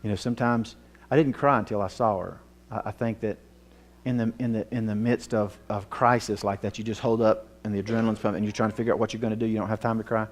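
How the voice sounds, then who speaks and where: A man's voice: on the low side, fairly even intonation, fast talker. Earnest man telling a story. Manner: earnest, emotional storytelling, drops to a hushed tone at tense moments. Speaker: Bible teacher. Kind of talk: storytelling sermon.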